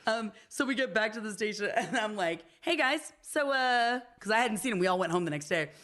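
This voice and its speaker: Animated woman telling a story. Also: mid-range voice, brisk. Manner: animated storyteller, acts out quoted voices, laughs often. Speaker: podcast co-host. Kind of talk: casual storytelling chat.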